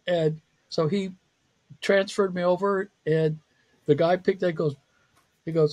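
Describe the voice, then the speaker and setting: His voice sits high and moves a little slowly. Guesting on a podcast, this psychology professor tells the story of his career in a frank, self-mocking way, frequently breaking into laughter.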